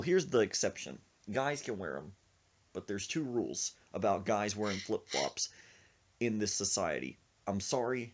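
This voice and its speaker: A man with a lowish voice tells a comic story on a podcast. His pitch swings widely as he acts out the scenes. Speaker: podcast host.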